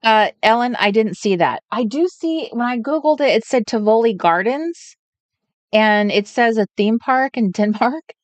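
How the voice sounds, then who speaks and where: A woman hosting a live crafting stream, chatting casually, thinking out loud and greeting viewers by name. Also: on the high side, expressive, moderate pace, dry recording. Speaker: crafting livestream host. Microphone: desk setup with overhead camera.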